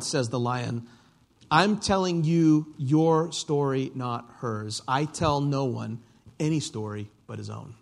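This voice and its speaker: A male pastor delivers a sermon in a relaxed, conversational way, his voice sitting a little higher than most men's. He tells stories with animated energy, keeping a casual tone. He sounds like a middle-aged speaker. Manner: conversational preaching with animated storytelling.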